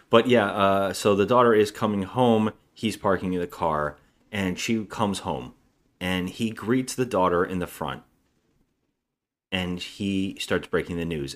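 A man co-hosting a bad-movie podcast, casually retelling the plot and acting out the characters' lines. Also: deep voice. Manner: animated retelling with acted-out dialogue.

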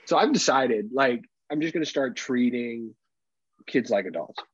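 Husky-voiced man in casual banter. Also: medium pitch, moderate pace, no room sound, lo-fi sound. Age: young adult. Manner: profane, animated, acts out exaggerated voices. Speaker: podcast co-host. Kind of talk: casual comedic chat.

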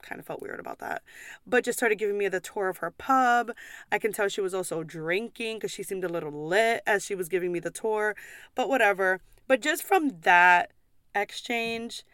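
A woman's voice: mid-range voice, fairly bright tone, clean tone, no echo, studio quality. Blunt, swearing young woman ranting. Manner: blunt, swearing, quick asides and apologies. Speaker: pub server. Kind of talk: casual vlog rant.

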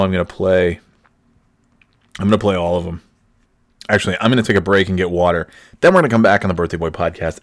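A man's voice: sits low, vocal fry, dry recording, studio quality. A man hosting a casual solo podcast, talking in a sarcastic, profane way and often breaking into laughter. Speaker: podcast host.

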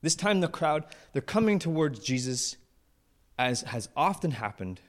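A man preaching a sermon in a church, his voice bouncing through a wide melodic range as he acts out the story. He sits a little high for a man, playful and quick to slip into little character voices and jokes with the congregation. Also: big pitch swings. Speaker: pastor.

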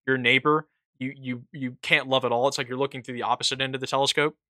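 A man with a mid-pitched, bright, forward voice talks in a halting, stop-start way, full of restarts. The sound is dry and close, with no room around it. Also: flat delivery, no room sound. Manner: halting, many restarts and fillers. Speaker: podcast co-host reading chat. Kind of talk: casual political chat.

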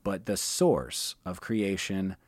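A man talking casually as a podcast guest, animated and profane, slipping into quick mocking voices. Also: deep voice, no room sound. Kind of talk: casual chat.

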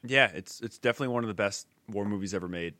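A man with a fairly low voice hosts a casual film podcast, relaxed and a little rambling. The sound is dry and close. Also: racing, dry recording. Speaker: podcast host.

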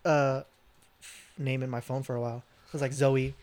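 A man's voice: mid-range voice, level tone, normal speed, a little mellow. Young male podcast co-host, casual storyteller, laughs a lot. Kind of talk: casual chat.

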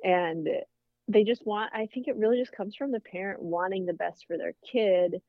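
A woman's voice: medium pitch, normal speed, no echo, phone-quality sound. A woman in her thirties, a soccer coach, speaking thoughtfully in a casual interview. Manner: thoughtful, conversational.

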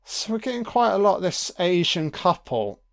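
A man's voice: sits high, big pitch swings, normal speed, vocal fry. A man giving casual, chatty film commentary, amused and sweary.

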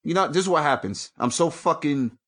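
Man, angry solo rant, heavy swearing, wildly lively pitch. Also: fairly quick. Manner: angry, profane, swings from shouting to mutters. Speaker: podcast host. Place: at home.

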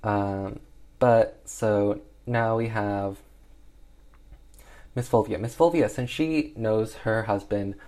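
A man's voice: fairly low pitch, slow, long pauses, a little mellow. A young man casually recapping an old comedy film in a rambling way, full of "like" and "um" fillers. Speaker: film reviewer.

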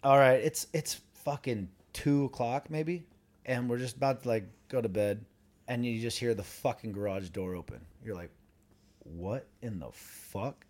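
Podcast co-host, man in his thirties, animated storyteller who swears a lot. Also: medium pitch, normal speed. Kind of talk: casual storytelling.

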